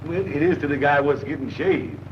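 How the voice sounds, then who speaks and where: An actor playing a deadpan former barber who sleepwalks with a razor, speaking in a slow, dry drawl in 1940s film comedy style. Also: male voice, a little high, natural voice. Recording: dull old film soundtrack with hiss.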